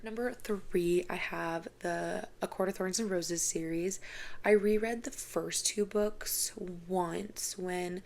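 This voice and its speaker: A woman's voice: on the low side, fairly even intonation, slow, gravelly, darkish tone. A woman in her twenties, a book vlogger, talking in a chatty, casual way full of "like" fillers. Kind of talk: casual chat.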